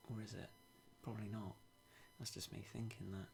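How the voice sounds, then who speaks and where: A young British man streaming a game, talking in a hushed, half-whispered way with dry self-mocking humour. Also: on the low side, little pitch movement, normal speed, vocal fry, a little hiss or hum. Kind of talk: quiet live-stream game commentary.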